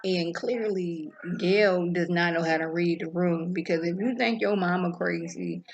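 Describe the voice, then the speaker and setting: A woman giving a casual, animated recap of a TV episode, acting out the characters' lines as she goes. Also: on the low side, moderate pace, lo-fi sound. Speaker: TV episode reviewer.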